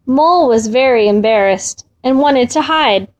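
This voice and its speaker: A woman reading a children's folk tale aloud in a gentle, expressive way, drawing out repeated words. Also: high voice. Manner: gentle, expressive, drawn-out repetitions. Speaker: storyteller.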